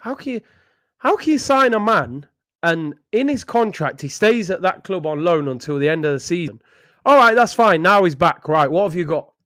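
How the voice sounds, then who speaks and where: A man's voice: high voice, animated, normal speed, fairly bright tone, no room sound, clean studio sound. A young man ranting in exasperation as a football channel host, repeating himself in disbelief. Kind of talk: ranting vlog commentary.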